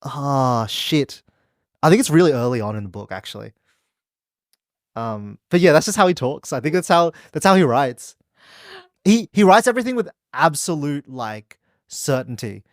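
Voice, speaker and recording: A man's voice: fairly high pitch, very animated, normal speed, no room sound, studio quality. A man chatting casually on a podcast, rambling with many "like"s and restarts. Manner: rambling, heavy use of "like", restarts. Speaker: podcast co-host and quiz contestant.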